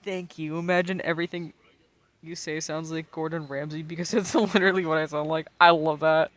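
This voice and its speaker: A man's voice: on the high side, level tone, brisk, fairly bright tone. An American man in his twenties, tipsy and rambling in casual, profane chat while streaming a game, laughing often. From United States. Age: 20s.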